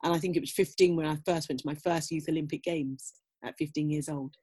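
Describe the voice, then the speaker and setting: A woman's voice: sits low, steady tone, fast, a little mellow, husky. A middle-aged woman talking casually as an interview guest, reflective and full of "you know" fillers. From Britain. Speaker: guest, former athlete.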